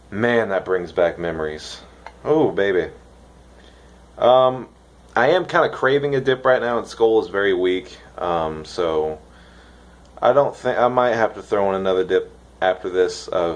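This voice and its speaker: A young man from the United States rambling excitedly in a casual vlog, swearing now and then. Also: low-pitched, a little slow, long pauses. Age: young adult. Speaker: vlogger reviewing dip.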